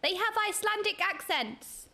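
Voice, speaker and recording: A young adult woman streaming a game, excitably commenting and reading quest text aloud. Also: extremely high pitch, moderate pace, creaky. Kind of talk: live gameplay commentary.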